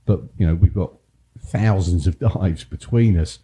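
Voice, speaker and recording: Dark-voiced Englishman in casual banter. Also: low-pitched, measured pace. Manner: teasing, laughs often, repeats words. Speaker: podcast co-host. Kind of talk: casual chat.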